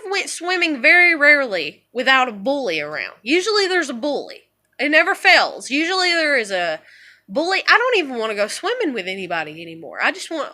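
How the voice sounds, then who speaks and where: Bright high-voiced woman venting, rambling. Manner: rambling, profane storytelling, swinging from low mutters to loud outbursts. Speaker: vlogger. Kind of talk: casual monologue.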